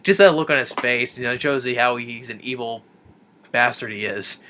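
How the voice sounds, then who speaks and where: A man's voice: medium pitch, moderate pace, pushed and bright. A man reviewing a film, retelling the plot in a rambling, casual way with many restarts and chuckles.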